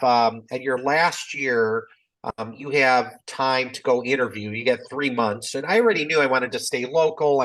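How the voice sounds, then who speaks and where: A man's voice: medium pitch, fairly bright tone, rough recording. Reflective man in his fifties, rambling. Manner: reflective, rambling, many fillers and restarts. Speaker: physician and company executive. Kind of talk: conversational interview storytelling.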